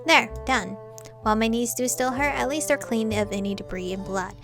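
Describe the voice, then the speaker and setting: A woman reading a gruff teasing young thief. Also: a little high, moderate pace, music in the background, close to an everyday voice. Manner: curt and grumbling.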